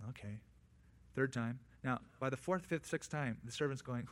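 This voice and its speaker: A man preaching a sermon who tells the story vividly, swinging between loud, raised lines and quiet, hushed ones. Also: medium pitch, brisk. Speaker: pastor.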